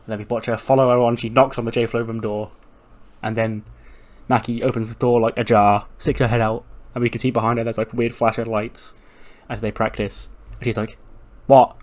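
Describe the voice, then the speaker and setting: A man's voice: mid-range voice, level tone, a little fast. A man narrating a wrestling game in a casual, chatty way, recapping scenes and chuckling often. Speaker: video game commentator. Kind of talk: casual let's-play narration.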